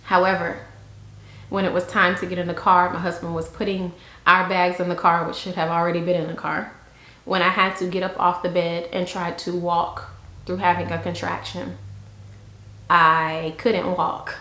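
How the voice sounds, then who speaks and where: A young woman telling a story to camera in a chatty, frank, animated way. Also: fairly low pitch, normal speed, roomy sound. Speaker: vlogger.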